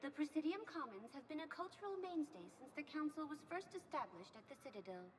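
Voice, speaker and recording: A woman voicing a calm, formal station information guide in a game, in a polite announcement manner. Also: high-pitched, fast, long reverb tail, a little hiss or hum. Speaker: Citadel docking bay guide.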